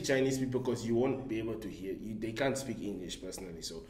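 A man's voice: lowish voice, fairly quick, few pauses, a little mellow. A man on a casual group chat panel, talking in a joking, rambling way and breaking into laughter. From Namibia. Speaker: podcast panelist. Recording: echoey room with faint background noise.

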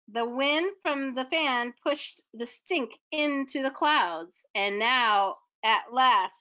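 A woman's voice: a little high, pushed and bright, highs cut off. A woman teacher reading a picture book aloud to children, with chatty asides to her young listeners.

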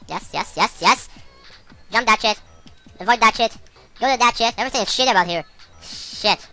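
A woman commentating a video game she is playing, excitable and shouting curses at it. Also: mid-range voice, fairly quick, soft background music. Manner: excitable, yells and swears at the game. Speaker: let's-play gamer.

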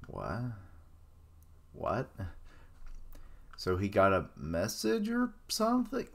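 A man's voice: on the low side, wildly swooping pitch, takes it slowly, gravelly, pauses often. A man giving casual live reaction commentary on an anime, blurting out surprised remarks and swearing casually. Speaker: reaction streamer.

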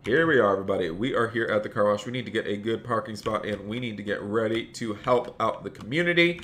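A man's voice: fairly low pitch, fast talker, a bit bright, slight background noise. A young man streaming a role-play game, chatting upbeat and greeting viewers by name.

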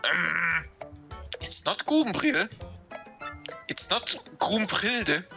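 Absent-minded old scholar, stammering and fussy, bright pitched as a player puts him on. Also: sing-song, slow pace, vocal fry, soft background music, heavily acted. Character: forgetful fussy old male professor.

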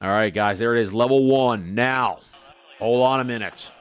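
A man's voice: mid-range voice, normal speed, smooth. A man hosting a casual gaming livestream, talking in a laid-back folksy trucker way and greeting his chatters. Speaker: livestream host.

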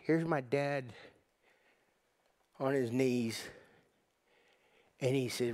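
A man preaching a sermon, telling a personal story in a folksy, halting way with many restarts. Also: medium pitch, a little mellow, dry recording. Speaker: pastor.

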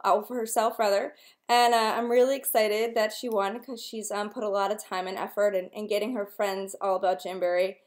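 A young woman talking casually to camera as a nail wrap consultant, chatty and upbeat, with lots of filler ums. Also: fairly high pitch. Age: young adult. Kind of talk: casual direct-to-camera vlog.

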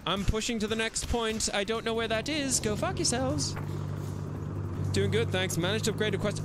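A man's voice: high-pitched, normal speed, over loud music. A man live-streaming a VR shooter, bantering with his chat in a crude, playful way. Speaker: game streamer.

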